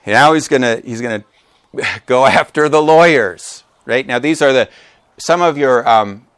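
A man preaching a sermon to his congregation. He is animated and joking, and acts out quotes with big jumps in pitch. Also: a little slow, clean tone, no room sound. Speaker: pastor. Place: church gathering with a live congregation.

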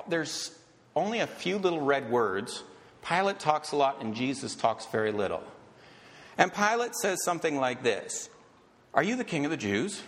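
A male pastor delivers a sermon in a loose, chatty way, drifting into asides and building excitement. His voice sits a little high for a man and swings widely in pitch. Long reverb from a large church hall trails his words. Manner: conversational and rambling, growing excited.

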